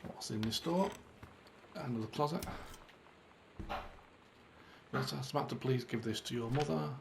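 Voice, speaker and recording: A man's voice: medium pitch, normal speed, vocal fry, background noise. A man giving a chatty, self-mocking running commentary as he plays through a video game. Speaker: gaming channel host. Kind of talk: let's play commentary.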